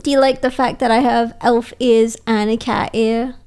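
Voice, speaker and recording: A woman's voice: fairly high pitch, flat delivery, moderate pace, a little mellow, clean tone. A woman streamer chatting casually and playfully, reading out viewer messages and teasing back at a desk mic.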